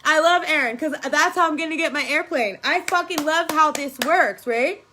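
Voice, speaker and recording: A woman's voice: sits high, normal speed, background noise. A woman energy worker giving an emphatic, profane spiritual pep talk on a phone live video.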